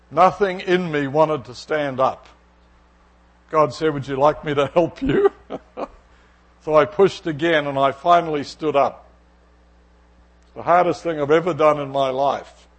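A middle-aged man preaching a sermon from the pulpit. His voice sits a bit high for a man, and he tells a personal story with animation, acting out the conversation in it. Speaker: pastor.

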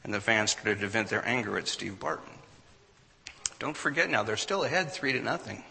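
Bright-voiced man telling a story in a hall. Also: on the low side, normal speed, creaky, slight background noise. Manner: animated storyteller, acts out quotes. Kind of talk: storytelling talk to an audience.

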